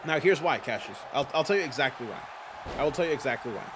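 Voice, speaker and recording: A man's voice: medium pitch, animated, fast, a crowd in the background, background noise. A man hosting a livestream, chatting playfully with his viewers while commentating a wrestling game. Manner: chatty and playful, talks straight to chat viewers. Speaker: streamer hosting a fantasy wrestling league.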